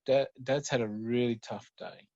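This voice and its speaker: A man's voice: mid-range voice, steady tone, normal speed, vocal fry, no echo, lo-fi sound, close to an everyday voice. A man playing a tired, kindly father. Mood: weary. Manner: weary, gentle, reassuring.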